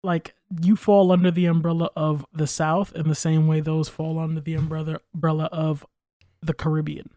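A man's voice: fairly high pitch, level tone, normal speed, mellow, dry recording. A man chatting casually on a podcast, opinionated and rambling, with frequent swearing. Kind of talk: casual chat.

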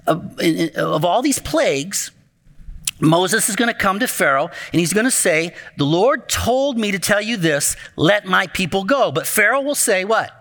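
A man preaching as a pastor, telling a Bible story with lively acted-out lines and speaking directly to the children in the congregation. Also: high voice, normal speed. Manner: animated, acts out the story voices, talks to the children. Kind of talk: sermon storytelling.

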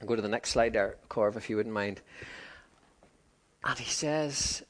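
A man preaching a sermon in a conversational way, acting out quoted voices. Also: normal speed. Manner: conversational, acts out quoted voices with lively pitch swings.

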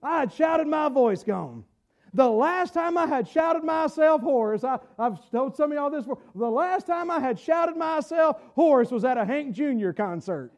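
A man, preaching a fervent sermon with halting restarts and shouted bursts. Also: very high-pitched, animated, dull audio. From Southern United States. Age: 40s. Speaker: pastor.

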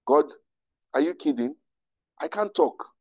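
A man's voice: on the high side, expressive, a little slow, dark tone, no echo, lo-fi sound. A man voicing a reluctant, doubtful male prophet who protests in exasperation. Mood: protesting.

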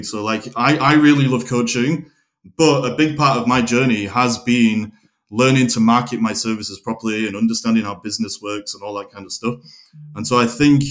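Plain-spoken man hosting a podcast. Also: mid-range voice. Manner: blunt, reflective, occasional swearing. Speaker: podcast host, coach. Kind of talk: casual podcast conversation.

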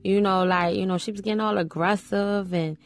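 A woman's voice: mid-range voice, steady tone, fairly quick, soft background music. A woman hosting a podcast, giving casual opinions on a reality show in a chatty way, full of "you know" fillers. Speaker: podcast host.

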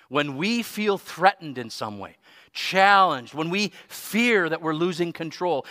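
A man's voice: a little high, fairly bright tone, big-room sound. A man preaching a sermon as pastor, earnest and teaching, reading scripture aloud in church.

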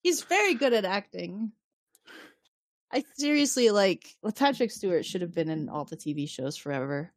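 A woman co-hosting a podcast, retelling an episode in a casual, animated way and acting out the quotes. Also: medium pitch, normal speed, dry recording, clean studio sound. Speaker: podcast co-host. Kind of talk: casual recap chat.

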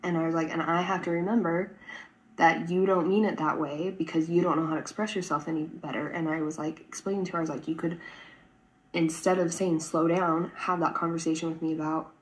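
A woman's voice: low-pitched, flat delivery, fast, rough recording. A woman in her twenties talking earnestly to camera in a personal vlog, rambling, with frequent "like" and "right?". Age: 20s. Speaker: vlogger.

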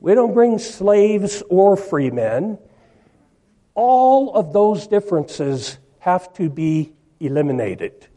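A man's voice: high voice, big pitch swings, mellow. A man preaching a sermon, reading verses aloud and stressing key words with emphasis. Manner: slow, emphatic, reads scripture aloud.

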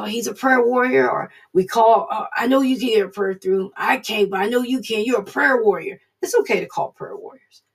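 A woman's voice: mid-range voice, recorded from a distance, low-quality recording. A woman giving an informal online devotional sermon, earnest and conversational, repeating her points as she preaches. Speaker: devotional speaker.

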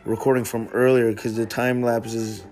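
A man's voice: mid-range voice, flat delivery, moderate pace, darkish tone. A man hosting a casual podcast chat, laid-back and slangy, swearing freely. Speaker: podcast host.

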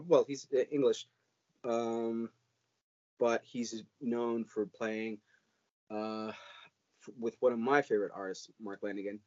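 A man's voice: fairly low pitch, a little mellow, no echo. A man co-hosting a podcast in casual chat, rambling with many fillers and restarts. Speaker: podcast co-host. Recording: dull lo-fi audio.

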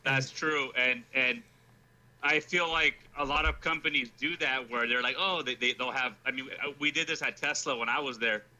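A man's voice: medium pitch, moderate pace, pushed and bright, poor audio. A man in casual chat, agreeing and adding his own experiences.

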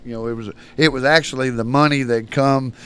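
A man's voice: medium pitch, fairly even intonation, a little fast, fairly bright tone, smooth. A man, a podcast guest telling rambling, folksy stories and laughing through them. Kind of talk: casual storytelling.

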